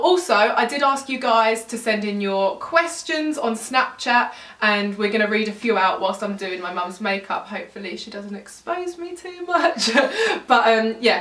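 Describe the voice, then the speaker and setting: A young woman chatting quickly and teasingly while doing makeup in a beauty vlog, recorded indoors at home. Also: fairly high pitch, fairly bright tone. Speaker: beauty vlogger. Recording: roomy sound, mic at a distance.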